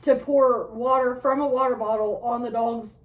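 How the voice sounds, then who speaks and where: A woman's voice: fairly high pitch, fairly even intonation, moderate pace, distant mic. A woman co-hosting a casual podcast, telling stories in a matter-of-fact way with frequent laughs and swearing. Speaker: podcast co-host. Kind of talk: casual profane chat.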